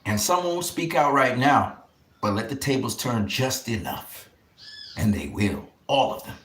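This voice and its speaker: A man's voice: mid-range voice, expressive, unhurried, a bit bright, echoey room. A man hosting a boxing channel, delivering a fervent, emphatic monologue with repeated vows and drops into harsh whispers. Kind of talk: impassioned monologue to camera.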